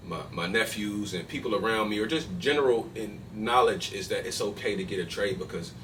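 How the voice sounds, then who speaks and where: A man hosting a podcast, talking loosely in slangy casual chat with lots of restarts. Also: on the low side. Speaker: podcast host. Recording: distant mic with faint noise.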